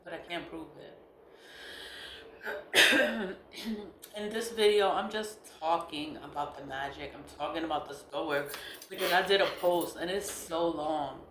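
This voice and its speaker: A woman in her forties, a nonprofit founder, talking candidly and rambling in a casual vlog, swearing freely, her voice going hoarse. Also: sits low, measured pace, bright, forceful tone, a little hiss or hum. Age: 40s. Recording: roomy echo, faint ambience.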